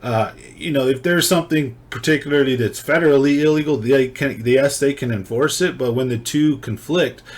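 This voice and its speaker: A man's voice: medium pitch, normal speed, few pauses. A man, telling a personal story in a loose, rambling way, full of slang and swearing. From California. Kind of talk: casual storytelling.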